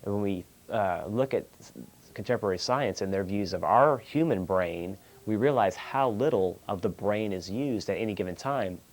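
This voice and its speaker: Texan male host, low-pitched, meandering unscripted talk, frequent throat-clearing. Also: normal speed. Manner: meandering, many fillers and restarts. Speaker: call-in show host.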